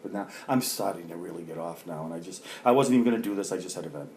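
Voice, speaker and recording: A man's voice: low-pitched, very fast, darkish tone, a little hiss or hum. Profane rambling middle-aged man ranting. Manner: profane, rambling, heavy on fillers. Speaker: vlogger. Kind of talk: ranting vlog monologue.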